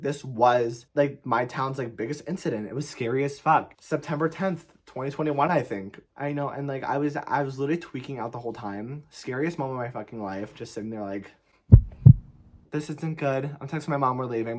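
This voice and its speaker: A man's voice: medium pitch, husky. A young man tells a story to the camera in a casual, emphatic way, swearing often and filling with "like". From United States. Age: young adult. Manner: emphatic, profane, heavy on "like" fillers. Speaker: vlogger.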